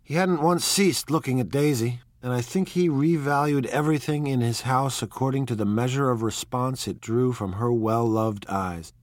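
A man narrating a classic novel aloud in a measured, lyrical storytelling manner. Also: medium pitch, no echo. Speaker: audiobook narrator.

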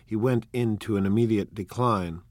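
A man narrates a novel in a steady, measured, unhurried way. His voice sits low, recorded close with a dry, dead sound. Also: dry recording. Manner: measured, even, unhurried reading. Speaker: audiobook narrator. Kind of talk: scripted narration.

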